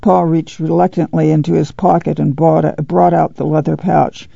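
A man narrating a novel aloud in a measured, steady reading for radio. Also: on the high side, creaky, no echo. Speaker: audiobook reader. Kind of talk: literary audiobook narration on radio. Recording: dull dry lo-fi studio read.

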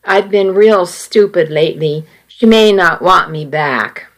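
Woman voicing a worried dad, choked up, halting, slow and steady. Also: fairly low pitch. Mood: anxious. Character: worried grown man, a father. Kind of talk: audiobook character reading.

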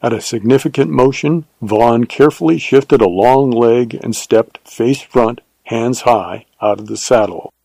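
A man narrating a western novel as an audiobook, in a measured, steady way. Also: mid-range voice, gravelly, no room sound, poor audio.

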